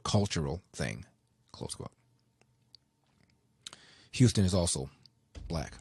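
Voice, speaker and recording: A man's voice: low voice, darkish tone, slightly rough, no room sound. Talk radio host guy, sarcastic, reading quotes out, dead dry studio sound. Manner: sarcastic, reads quotes aloud.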